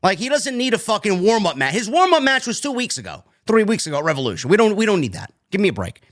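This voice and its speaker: A man's voice: high-pitched, big pitch swings, fast talker, a bit bright, dry recording, clean studio sound. A man hosting a wrestling review show, talking bluntly and with exasperation, swearing freely. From New York. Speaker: podcast host. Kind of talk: casual wrestling review chat.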